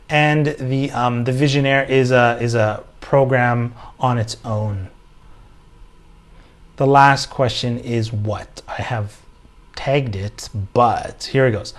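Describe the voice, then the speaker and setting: Man, livestream host, religious talk, relaxed, conversational, Arabic phrases. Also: on the high side. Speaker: host of a daily online Ramadan program. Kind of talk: live-streamed religious talk.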